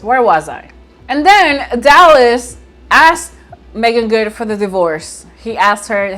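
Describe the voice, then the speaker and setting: A woman casually recapping and reviewing a movie at home by her window, chatty and expressive, often laughing as she retells scenes. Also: medium pitch.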